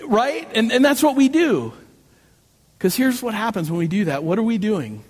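Pastor in an echoing hall. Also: male voice, high voice, a little slow, long pauses, breathy edge. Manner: animated storytelling with self-mocking jokes. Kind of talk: sermon. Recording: long reverb of a large hall.

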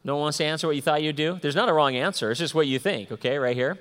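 A man preaches to a congregation, his voice sitting a little high and ringing through a long hall reverb. He reads scripture aloud and breaks off to talk with the crowd. His delivery swings from excited peaks to soft, hushed asides. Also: racing. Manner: animated, swings between loud excitement and soft hushed tones. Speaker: pastor. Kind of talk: sermon with scripture reading.

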